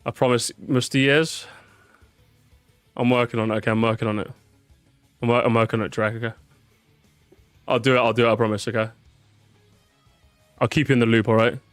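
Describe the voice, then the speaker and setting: A man's voice: mid-range voice, level tone, a little fast, long pauses, clean tone, dry recording, soft background music. A tired man chatting casually on a live stream, repeating words, swearing and reacting to his chat.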